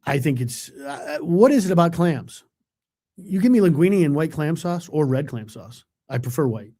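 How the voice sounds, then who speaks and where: This middle-aged weatherman speaks in a mellow, somewhat high voice with lively intonation at a normal speed. On his live webcast he reads out viewer comments and chats casually, rambling self-deprecatingly and filling gaps with plenty of fillers.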